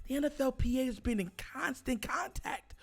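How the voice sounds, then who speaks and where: A man hosting a sports talk show, ranting heatedly and shouting his points over and over. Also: very high-pitched, expressive, moderate pace. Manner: fired-up, shouting, repetitive emphatic. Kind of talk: heated sports commentary rant.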